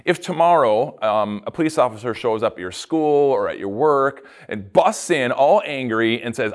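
A man, a pastor, giving a casual devotional talk with animated storytelling and playful asides. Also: mid-range voice, normal speed, hardly any pauses.

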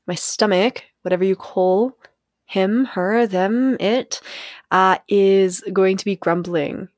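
A young adult woman thinks out loud on her own podcast, candid and reflective, often breaking into a laugh. She now and then acts out the voices in her head. Her voice sits at an ordinary middle pitch, recorded dry and close with no room sound. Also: slow, no echo. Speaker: podcast host. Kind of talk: solo podcast monologue.

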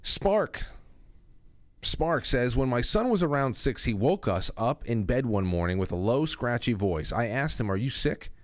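A man's voice: medium pitch, lively intonation, measured pace, dry recording. A middle-aged man hosting a casual call-in talk show, chatty and reading listener stories aloud. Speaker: radio talk show host.

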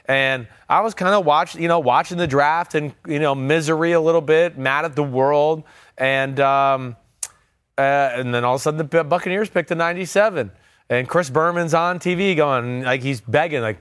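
A man's voice: medium pitch, moderate pace, fairly bright tone, smooth, no room sound. Brief: man in his 40s, interview guest, storyteller voice, dead dry studio sound. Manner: storytelling, acts out quotes from others. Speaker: former NFL quarterback, guest. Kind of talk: casual interview talk.

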